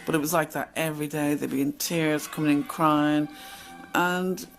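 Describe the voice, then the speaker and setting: A woman's voice: deep voice, fairly even intonation, moderate pace, gravelly, soft background music, rough recording. Blunt, chatty woman storyteller. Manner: chatty, blunt, acts out quoted exchanges. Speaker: channel host. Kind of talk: casual storytelling monologue.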